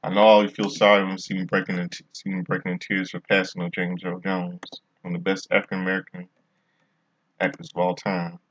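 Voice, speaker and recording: A man's voice: deep voice, monotone, fast talker, fairly bright tone, highs cut off. A man casually reviewing a wrestling show in a vlog, rambling and often restarting his sentences.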